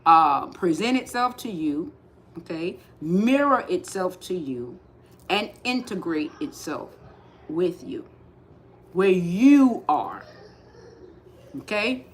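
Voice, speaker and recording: Slow, emphatic woman spiritual teacher. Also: on the low side, very animated. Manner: slow, repetitive, emphatic preaching cadence; rising to forceful insistence. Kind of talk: livestream spiritual talk.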